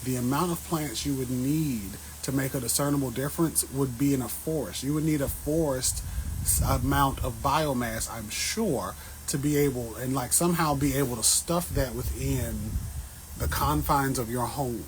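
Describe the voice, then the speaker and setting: A man's voice: mid-range voice, normal speed. Chatty guy on his patio goofing around with viewers, mid voice, bit of faint noise in the back. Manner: animated, joking, chatty, talks straight to the viewers. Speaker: plant educator answering viewer questions. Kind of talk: casual livestream chat. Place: outdoor patio.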